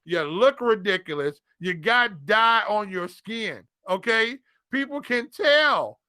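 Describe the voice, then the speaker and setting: A man's voice: sits high, animated, slow, bright, forceful tone, clear, resonant tone, dry recording, studio quality. A man co-hosting a sports podcast, teasing his partner and rambling through a funny story. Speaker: podcast co-host. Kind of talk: casual sports podcast banter.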